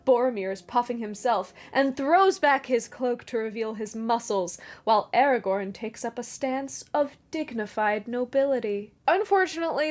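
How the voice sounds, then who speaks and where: A woman hosting a video essay in casual commentary, with wry, sarcastic asides. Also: fairly high pitch.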